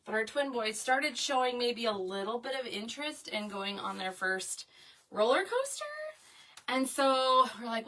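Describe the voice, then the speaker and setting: A woman's voice: on the high side, lively intonation, a little slow, a bit bright. A woman, telling a chatty story to viewers while she makes a craft piece. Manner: chatty, addresses viewers as y'all, frequent "okay?". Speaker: craft video host. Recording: voice a bit far from the mic.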